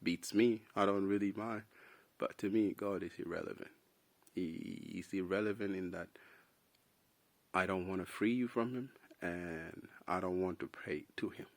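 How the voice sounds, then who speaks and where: A man's voice: deep voice, moderate pace. A young man from South Sudan talking casually and at length to camera, rambling and calling listeners "bro". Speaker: vlogger. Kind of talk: unscripted opinion monologue.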